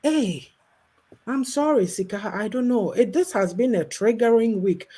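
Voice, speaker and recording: A woman's voice: on the high side, unhurried, dark tone, breathy edge. A woman from Ghana speaking in casual conversation, outspoken and impassioned. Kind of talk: casual chat.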